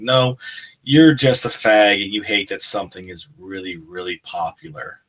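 A man's voice: lowish voice, a little fast, fairly bright tone, rough recording. A man co-hosting a podcast, talking casually in a rambling, profane rant. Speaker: podcast co-host. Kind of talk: casual chat.

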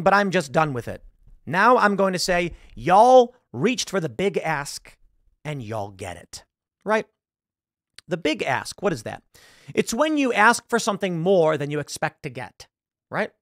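A man hosting a political commentary monologue, sarcastic and emphatic, jumping between loud jabs and quiet asides. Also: a little high, dry recording, studio quality. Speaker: commentary host.

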